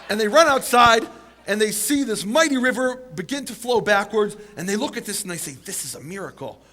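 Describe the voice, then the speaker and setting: A man telling a story in a sermon, animated, acting out the quotes with big jumps in pitch and chuckling along. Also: normal speed. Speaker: teacher of the Bible.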